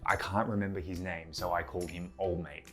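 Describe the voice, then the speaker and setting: A man with an Australian accent hosting a casual lesson, explaining slang slowly with many ums and uhs. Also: low voice, steady tone. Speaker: host teaching Australian slang. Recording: soft music underneath.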